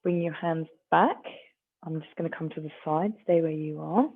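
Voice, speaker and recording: Gravelly stretching instructor, tinny sound. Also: mid-range voice, normal speed. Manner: gentle, encouraging, with light self-mocking asides. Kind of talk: guided stretching class.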